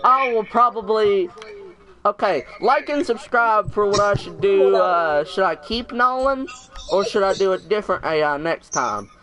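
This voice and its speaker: A man's voice: sits high, animated, a little slow, over music. A man hosting a casual gaming vlog, exasperated and dragging out words as he drills a pronunciation. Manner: exasperated, drags out words to teach them. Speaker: gaming video host.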